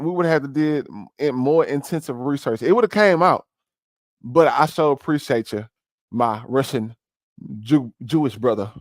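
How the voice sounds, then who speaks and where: Loud, mocking male streamer. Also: fairly high pitch, no room sound, clean studio sound. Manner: loud, mocking, slangy rants with sudden shouts. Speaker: streamer reacting to an interview. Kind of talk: reaction stream commentary.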